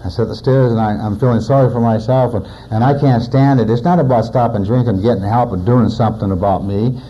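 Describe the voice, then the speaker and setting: A man's voice: medium pitch, steady tone, quick pace, dull audio. A man in his forties, a recovering alcoholic, giving a personal testimony in a plainspoken storytelling manner with wry humor. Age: 40s.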